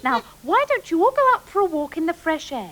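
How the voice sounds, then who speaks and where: A bossy, scheming health-food fanatic. Her voice sits extremely high and swoops wildly up and down, sugary and scolding in turn. She sounds like a children's sitcom character. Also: big pitch swings, a little fast, pushed and bright, full character voice. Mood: bossy sweet. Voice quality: sing-song, scolding and sugary.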